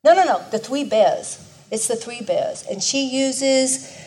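A woman's voice: high-pitched, slow, darkish tone. Earnest woman teaching a Bible lesson. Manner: earnest, conversational, often restarts mid-sentence.

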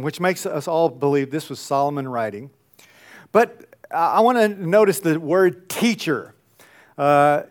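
A man teaching a Bible lesson to a congregation in a conversational way, asking the room questions and often restarting his sentences. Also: a little high. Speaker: pastor teaching a Bible class.

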